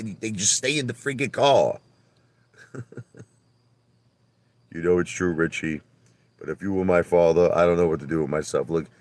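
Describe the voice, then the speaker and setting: A man with a Brooklyn New York accent, talking in a casual livestream rant from his car, animated and profane, swinging from loud outbursts to low muttering. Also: dry recording. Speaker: livestream host.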